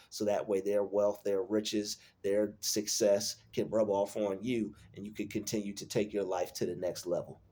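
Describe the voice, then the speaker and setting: A man's voice: fairly low pitch, warm tone. A man hosting his own channel, talking alone in an earnest motivational monologue, repeating and restating his points for emphasis.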